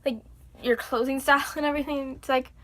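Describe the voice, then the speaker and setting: A young woman chatting casually to her viewers, animated and chatty, acting out exasperated reactions. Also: sits high, fast. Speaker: vlogger. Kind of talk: casual chat to camera.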